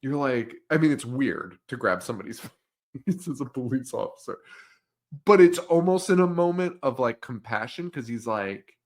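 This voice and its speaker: A man's voice: medium pitch, moderate pace. A young man co-hosting a podcast, casually retelling a film's scenes with frequent laughter and quoted lines. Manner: laughs often, animated retelling with quoted voices. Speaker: podcast co-host. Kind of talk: casual movie-recap chat.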